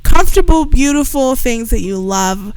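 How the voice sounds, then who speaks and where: امرأة تقدّم بودكاست بأسلوب مرح. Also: female voice, high voice, lively intonation, moderate pace, a little mellow, clean tone, dry recording, poor audio. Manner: playful, jokes with mock accents. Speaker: podcast co-host. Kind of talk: casual chat.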